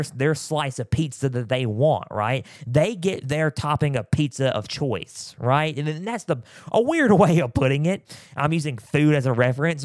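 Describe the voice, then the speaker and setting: Male sports podcast host, mid-pitch, dry close sound, rambly delivery full of fillers, scratchy throat. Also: no room sound. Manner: rambling, repeats himself with many fillers. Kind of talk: casual sports talk. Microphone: close mic, sometimes turning away.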